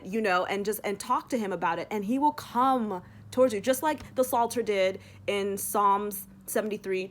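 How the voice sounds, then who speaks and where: A young woman in a casual devotional vlog, rambling and animated, using "like" constantly as she retells a story. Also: mid-range voice. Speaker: Christian vlogger.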